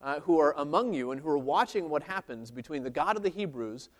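A man's voice: on the high side, lively intonation, fairly quick. A man preaching an expository sermon, reading scripture aloud and explaining it earnestly, with frequent restarts. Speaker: pastor.

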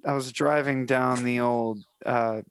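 A man co-hosting a comedy podcast in a middle-pitched voice. He rambles through improvised bits, chuckling as he goes, and the recording is dry and close with no room sound. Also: steady tone, a little slow, clean tone, no echo. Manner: jokey, rambling, laughs mid-sentence. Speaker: podcast co-host.

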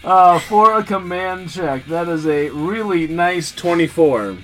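A man playing a tabletop role-playing game, talking haltingly with many fillers. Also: sits high, soft background music. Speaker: player.

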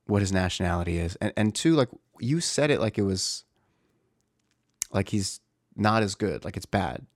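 Low-voiced man telling a personal story. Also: expressive, normal speed, dry recording, studio quality. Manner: candid, searching, restarts often.

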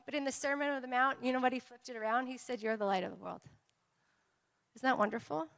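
A woman pastor preaching a sermon in a church, animated, often asking the congregation "amen?" and "okay?". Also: on the high side, quick pace, creaky. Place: church sanctuary. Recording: long hall reverb.

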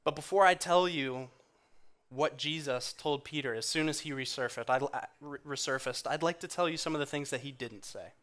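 A man's voice: on the high side, moderate pace. Earnest man giving a sermon. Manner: earnest and conversational, drops soft for quoted lines. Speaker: guest speaker in church.

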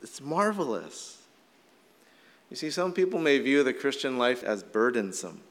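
A middle-aged man, a little hoarse from shouting, preaching a casual, conversational sermon full of "like" fillers. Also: mid-range voice, sing-song, measured pace. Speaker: pastor. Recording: long hall reverb.

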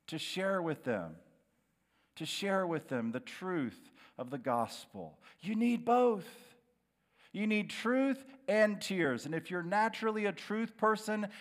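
Middle-aged pastor preaching in an echoing hall. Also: male voice, high voice. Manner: dramatic preaching, dropping to a hushed, slow voice on key words. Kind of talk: sermon. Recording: long hall reverb.

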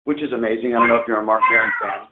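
A man's voice: mid-range voice, fairly even intonation, rapid-fire. A middle-aged man co-hosting a podcast, talking in a rambling casual way with lots of fillers and restarts. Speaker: podcast co-host. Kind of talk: casual chat. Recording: tinny phone line with faint noise.

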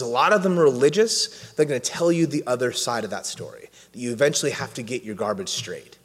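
Guy preaching, chatty and funny, talks to the crowd, big echoey hall. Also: medium pitch. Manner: storytelling, conversational and humorous. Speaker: pastor. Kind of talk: sermon with audience interaction. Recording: hall reverb.

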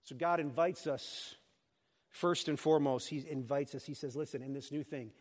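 A man preaching a sermon as pastor of a church, animated and joking with his congregation. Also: medium pitch, moderate pace. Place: church sanctuary. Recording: long hall reverb.

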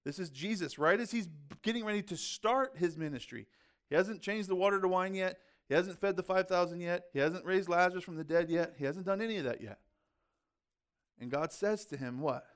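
A man's voice: high-pitched, brisk, fairly bright tone, smooth. A man preaching a sermon in a conversational way, with rhetorical questions and casual asides. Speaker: pastor.

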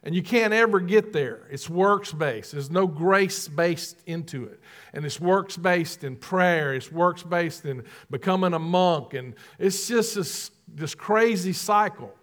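Pastor guy preaching, middle-aged, kinda high voice, acts out lines. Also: measured pace. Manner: preachy, animated, acts out dialogue with God. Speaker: guest pastor. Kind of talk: sermon.

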